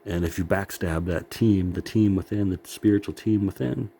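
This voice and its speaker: A man's voice: sits low, steady tone, normal speed, gravelly, mellow, slightly rough. A middle-aged man rambling in a profane, self-critical monologue, laughing often and sounding worn out.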